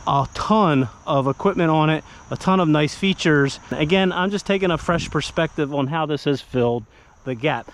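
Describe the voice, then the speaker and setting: A man with a slightly high voice gives a relaxed, conversational car review. He walks the listener through the vehicle in an animated, talky way and acts out little buyer exchanges. A faint hiss of background noise sits under the recording. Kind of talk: casual car review walkaround.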